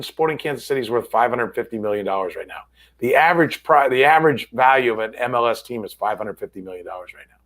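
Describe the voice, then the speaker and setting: A man's voice: medium pitch, a bit bright. A man hosting a sports podcast, chatting casually and rambling through stories with many restarts. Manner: rambling, self-correcting storyteller. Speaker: sports radio host. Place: studio.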